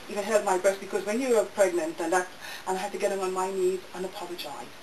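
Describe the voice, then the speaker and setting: A woman's voice: medium pitch, a little mellow. A woman gives emotional personal testimony to a live audience, her voice heard from some distance off the mic. The room is roomy and echoey, with a faint hiss underneath. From United States. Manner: emotional, intense, repeats phrases. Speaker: speaker at a public talk. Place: bookshop event room.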